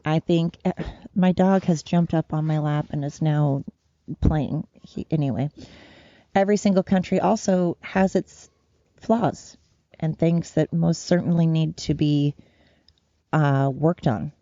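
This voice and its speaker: A woman's voice: sits low, steady tone, measured pace, mellow, no echo, muffled recording. A woman hosting a solo podcast from home, ranting in a profane, rambling, worked-up way. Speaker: podcast host. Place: at home with her dogs.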